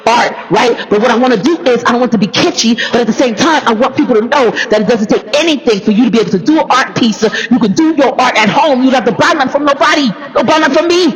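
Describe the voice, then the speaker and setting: A woman's voice: on the high side, quick pace, hardly any pauses, low-quality recording. A woman artist talking casually to the camera, chatty and reflective, laughing often and repeating her phrases. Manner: encouraging and reflective. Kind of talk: casual personal talk to camera.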